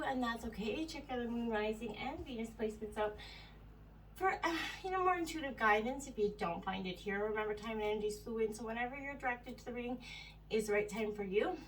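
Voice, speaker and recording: High bright lady doing a tarot reading, kinda breathless, rambly, a bit off mic with faint hiss. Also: recorded from a distance, rough recording. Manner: meandering, full of "you know" and "right?". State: a little out of breath. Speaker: tarot reader. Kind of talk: casual spoken tarot reading.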